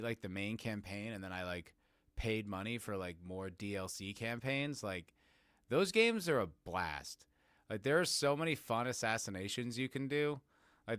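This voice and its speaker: Man, podcast host, casual rambling chat, lowish voice, crisp tone. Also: fairly bright tone, no room sound, clean studio sound. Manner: rambling, joking, greets chat viewers by name. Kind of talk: casual live-stream chat.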